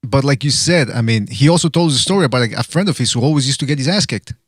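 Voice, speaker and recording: A man hosts a loose podcast chat and fires off his lines quickly. He jokes and teases as he hypes the show's callouts. His voice sounds dry and close, with no room around it. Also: medium pitch, lively intonation, no room sound. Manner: joking, hyping up callouts. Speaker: podcast host. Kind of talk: casual call-in podcast chat.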